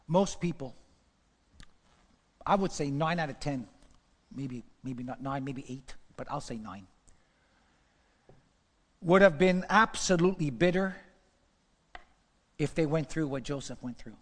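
An older man preaching a sermon, repeating phrases and building to shouted peaks. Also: on the high side. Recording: long hall reverb.

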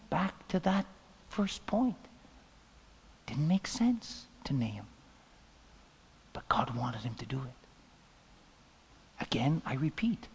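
A man preaching a sermon as pastor, telling stories dramatically and swinging from loud bursts to whispers. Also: on the high side, husky, in a large hall.

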